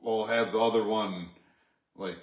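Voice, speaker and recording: A man's voice: fairly low pitch, fairly even intonation, unhurried. A man co-hosting a casual talk show, rambling through his thoughts with plenty of fillers. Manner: rambling, lots of fillers like "like" and "you know". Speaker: co-host. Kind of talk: casual chat. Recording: echoey room.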